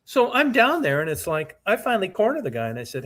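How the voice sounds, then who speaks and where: A man with a bright, sharp-edged voice tells a long personal story on a casual podcast. He swears at nearly every turn and rambles freely, circling back through the tale. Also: high-pitched, wildly swooping pitch, fast. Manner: profane, rambling anecdote-telling. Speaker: podcast co-host. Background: co-host's short reactions.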